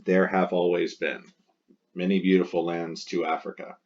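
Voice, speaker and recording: A man's voice: low-pitched, little pitch movement, moderate pace, darkish tone, lo-fi sound, slight background noise. A man explaining a Latin exercise step by step as a teacher, patiently repeating the key words.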